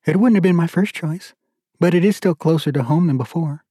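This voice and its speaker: A playful young wife with a lifted, teasing voice, as a male narrator puts her on. She jokes easily and warmly in this storybook reading, in a dry, close sound. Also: fairly high pitch, a little fast, husky, dry recording, pitched above the performer's own voice. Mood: reassuring. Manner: teasing, joking.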